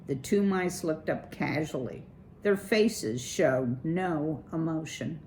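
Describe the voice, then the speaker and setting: Brief: woman reading a kids' chapter book aloud, unhurried, lowish voice. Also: a little hiss or hum, poor audio. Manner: measured, expressive reading. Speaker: children's story reader.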